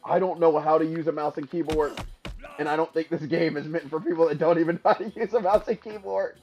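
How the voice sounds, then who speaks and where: A man streaming a game for the first time, commentating excitedly, laughing and trash-talking his opponent. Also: on the high side, quick pace, muffled recording, soft background music. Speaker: gaming streamer. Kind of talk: casual live gameplay commentary.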